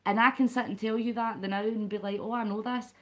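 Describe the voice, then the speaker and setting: A woman's voice: on the high side, fairly even intonation, quick pace. A Scottish woman hosting a late-night live stream, talking casually and at length to her viewers and greeting them by name. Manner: rambling and chatty, talks to the chat by name.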